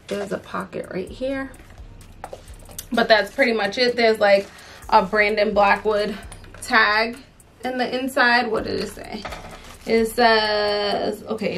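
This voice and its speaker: A woman's voice: mid-range voice, a bit bright, a little hiss or hum. A young adult woman chatting casually through a handbag unboxing, chatty and exasperated, full of fillers. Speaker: fashion vlogger.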